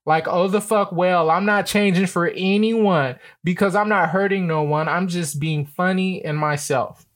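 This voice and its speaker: A man hosting a live stream, reading out screenshot messages and answering them in an animated, profane rant. His voice swings from low muttering to sudden shouts. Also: a little slow. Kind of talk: ranting live-stream commentary.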